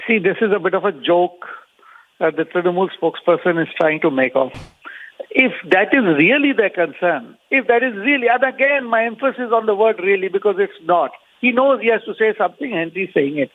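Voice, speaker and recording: A man's voice: sits high, expressive, fairly quick, a little hiss or hum. A man with an Indian accent, an opposition politician firing combative rhetorical questions in a news debate. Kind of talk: heated phone-in debate. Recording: tinny phone line.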